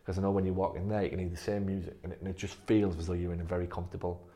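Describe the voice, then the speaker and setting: A man's voice: sits low, little pitch movement, racing, mellow. A man leading a staff training session, blunt and emphatic, swearing freely. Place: physio clinic room.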